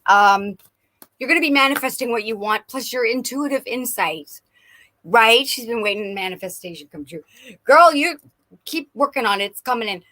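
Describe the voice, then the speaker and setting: Bubbly, bright-voiced woman psychic. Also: on the high side, normal speed. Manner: effusive and excitable, laughing. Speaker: psychic reader. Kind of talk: live stream reading.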